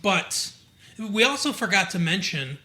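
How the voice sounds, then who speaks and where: A man's voice: sits high, sing-song, unhurried, bright, forceful tone. A man from Michigan co-hosting a podcast, recapping a TV episode in a chatty, digressive way with lots of fillers. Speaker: podcast co-host. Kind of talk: casual chat recapping a TV episode.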